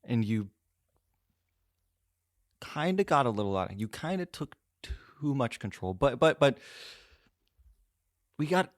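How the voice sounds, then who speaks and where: A man voicing a calm male emotion who soothes and coaxes, with a few halting restarts. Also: medium pitch, no room sound, clean studio sound, pitched above the performer's own voice. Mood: coaxing.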